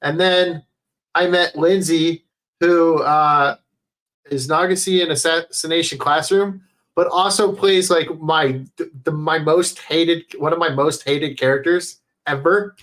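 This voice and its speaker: A man chatting casually on a livestream into a headset mic, rambling, swearing often and filling pauses with "uh". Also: a little high, steady tone, fairly bright tone. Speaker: streamer.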